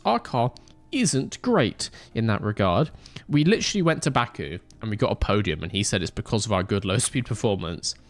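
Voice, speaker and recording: A young man streaming a racing management game, chatting casually with joking banter and mock outrage. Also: medium pitch. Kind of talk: casual live-stream chat.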